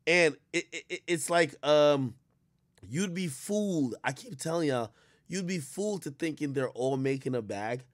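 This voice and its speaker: A man's voice: on the high side, animated, moderate pace, no echo, studio quality. A man giving blunt, profane commentary in a rambling, storytelling way while reacting to a clip.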